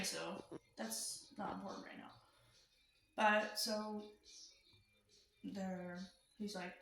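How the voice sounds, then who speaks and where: A woman's voice: mid-range voice, slight background noise. A young adult woman telling a personal story in a casual storytime, chatty and full of "like" fillers. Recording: roomy room with faint music.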